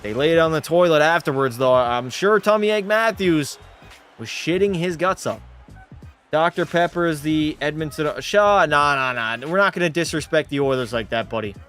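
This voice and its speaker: Over soft background music, a young gaming streamer speaks at normal speed in a slightly high, lively, a bit bright voice that's clear and resonant. A little tipsy after a few drinks, he rowdily calls his hockey video game like a sportscaster, swearing freely and reading chat aloud to answer it.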